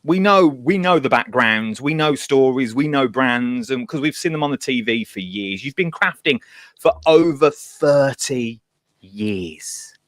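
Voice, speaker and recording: A man's voice: mid-range voice, lively intonation, unhurried, fairly bright tone, dry recording. A man hosting a casual live stream from a makeshift home studio, speaking, chatty and jokey as he reads out viewer greetings. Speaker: host.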